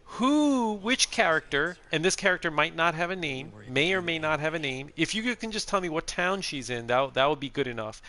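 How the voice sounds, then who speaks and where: A man's voice: a little high, expressive, moderate pace, few pauses, bright, forceful tone. A middle-aged man streaming a video game, chatting in a rambling, casual way and laughing often. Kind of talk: casual gameplay chat.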